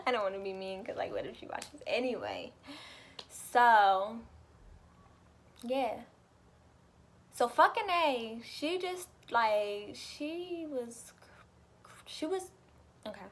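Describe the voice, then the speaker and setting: A young woman telling a story in a casual vlog, animated and chatty, swearing freely and laughing often. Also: on the high side. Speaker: vlogger.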